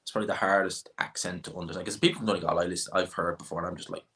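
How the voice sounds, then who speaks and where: A man's voice: sits low, fairly even intonation, very fast, hardly any pauses, bright, forceful tone. A young Irishman, rambling casually while he answers chat questions on a boxing stream and repeats himself. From Ireland. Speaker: boxing channel host.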